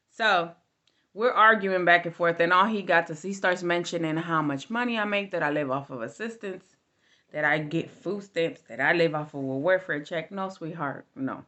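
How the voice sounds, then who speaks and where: A woman's voice: fairly low pitch, bright, forceful tone. A middle-aged woman telling a candid storytime vlog in a blunt, casual way with plenty of swearing. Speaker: vlogger.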